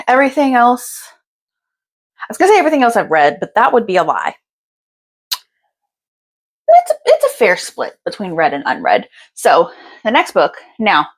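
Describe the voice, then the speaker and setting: A young woman with a twang talks her way through a stack of new books. She is tired and a bit out of breath, yet she stays chatty and bubbly, gushing over every pretty cover. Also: medium pitch. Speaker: book vlogger. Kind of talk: casual book haul chat.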